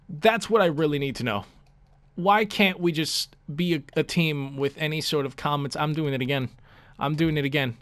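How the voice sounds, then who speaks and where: A man's voice: on the high side, a bit bright, no echo. A young man commentating his video game play, frustrated and profane, ranting about his team. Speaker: gaming commentator.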